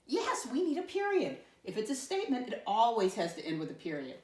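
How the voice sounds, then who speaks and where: Woman teacher, lively sing-song voice, spells words out slowly, echoey room, a bit off-mic. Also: a little high. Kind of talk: lesson for young children.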